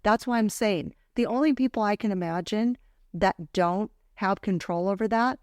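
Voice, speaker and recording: A woman's voice: mid-range voice, moderate pace, a little mellow, dry recording, clean studio sound. A woman hosting a faith podcast, talking in an earnest, heartfelt way and telling a personal story. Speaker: podcast host. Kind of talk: casual faith podcast talk.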